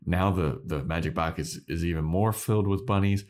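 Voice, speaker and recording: Deep-voiced, chatty podcast guy. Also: fairly quick, darkish tone. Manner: loose, chatty, laughing storyteller. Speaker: podcast co-host. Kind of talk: casual episode recap.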